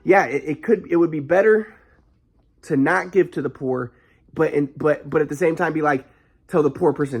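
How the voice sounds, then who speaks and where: Gravelly man rambling in a monologue. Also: fairly high pitch. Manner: rambling, halting, frequent restarts; flares into anger. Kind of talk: casual monologue vlog.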